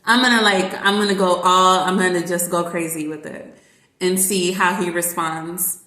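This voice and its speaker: A woman's voice: lowish voice, steady tone, moderate pace, pushed and bright, reverberant. A woman who teaches reading online, chatting casually in a rambling way with many fillers. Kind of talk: casual vlog chat.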